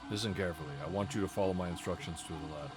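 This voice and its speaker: A man's voice: sits low, very fast, over loud music, natural voice. A man voicing a ruthless male guerrilla leader who gives cold, commanding orders.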